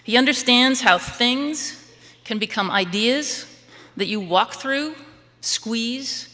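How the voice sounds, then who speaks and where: A woman's voice: a little high, expressive, slow, sharp tone. A woman reading a prepared, admiring introduction of a speaker at a lecture. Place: lecture hall. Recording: reverberant lecture hall.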